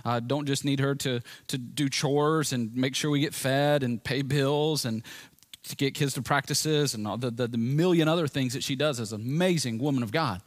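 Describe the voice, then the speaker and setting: A man delivers a sermon in an earnest, conversational way, leaning on vivid storytelling. His pitch sits in a middle range for a man, and the sound is dry and close. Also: moderate pace, no room sound. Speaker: pastor.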